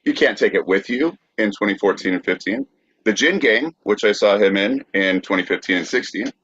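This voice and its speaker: A man co-hosting a podcast, reading off facts with many pauses in casual chat. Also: lowish voice, lively intonation, fairly bright tone, husky. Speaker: podcast co-host. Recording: dull, dry lo-fi mic.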